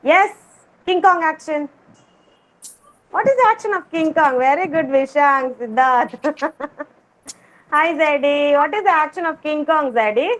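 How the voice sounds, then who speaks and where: A woman's voice: sits high, unhurried, long pauses, fairly bright tone. A woman teaching a kindergarten class over a video call, coaxing the children with sing-song, repeated questions. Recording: noisy video call audio.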